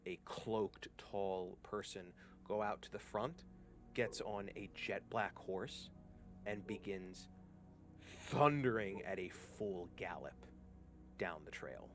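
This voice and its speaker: A man's voice: deep voice, slow pace, a bit bright, faint music behind. A man running a tabletop game as game master, narrating the scene in a descriptive way with some hesitant fillers.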